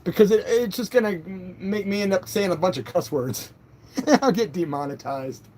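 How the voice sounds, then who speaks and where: Middle aged dude on a livestream reading chat, kinda high voice, cussy and easygoing. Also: male voice, darkish tone, a little hiss or hum. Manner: loose and profane, quick to flare up then laugh it off. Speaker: livestream host. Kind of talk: casual live-stream chat reading comments.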